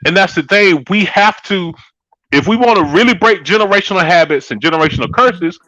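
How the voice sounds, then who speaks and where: A man's voice: sits high, expressive, a little fast, bright, forceful tone, dry recording, dull audio. A man co-hosting a casual chat show, talking emphatically in a preachy way and calling his listeners y'all. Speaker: co-host.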